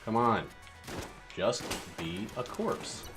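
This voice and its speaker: A man with a very low voice gives casual, wry commentary while he plays a video game. He rambles and mutters asides to himself. Game music and gunfire play clearly behind him. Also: expressive, slow pace. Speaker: streamer playing a video game. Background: loud game music and gunfire.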